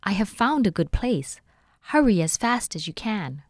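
A woman's voice: mid-range voice, big pitch swings, moderate pace, no echo, clean studio sound, voice pushed up. A woman voicing an eager, resourceful young girl, the oldest sister, in a storybook reading, with a raised, urging voice. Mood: urgent.

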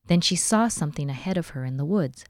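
A woman from a library volunteer group reading a children's book aloud, with clear and expressive narration. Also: deep voice, fast, dry recording, studio quality. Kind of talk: storybook read-aloud.

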